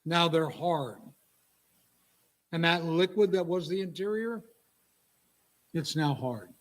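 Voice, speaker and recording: A man, a church minister, preaching a sermon as he tells an illustrative story with drawn-out pauses. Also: fairly high pitch, lively intonation.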